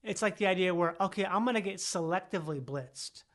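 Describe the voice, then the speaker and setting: A man with a high speaking voice chatting casually on a podcast. He rambles, restarts his sentences and corrects himself as he works his thoughts out aloud. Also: brisk, a bit bright. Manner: rambling, self-correcting, laughing. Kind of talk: casual chat.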